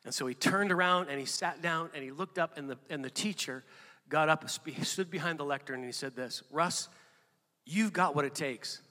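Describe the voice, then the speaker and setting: A man delivers a sermon with animated preaching that keeps surging into emphatic peaks. His voice sits a little high for a man and sounds bright and forceful. A long reverb trails every phrase, as if he is speaking in a large church. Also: normal speed. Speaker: pastor.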